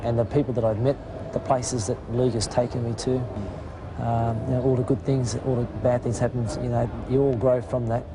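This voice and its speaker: A man giving an earnest, halting interview outdoors, full of fillers. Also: mid-range voice, little pitch movement. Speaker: interviewed footballer. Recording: outdoor traffic noise.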